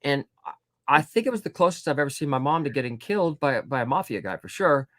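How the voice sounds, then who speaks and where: A man's voice: a little high, fast talker, no echo, studio quality. A middle-aged man, an author being interviewed, telling stories casually with lots of ums and voiced quotes. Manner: animated anecdotes with voiced quotes and frequent fillers. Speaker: guest author.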